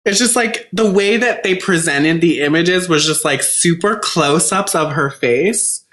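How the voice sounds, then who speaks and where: Man, high and bright, profane mocking podcast co-host in an echoey room. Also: unhurried. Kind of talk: casual chat.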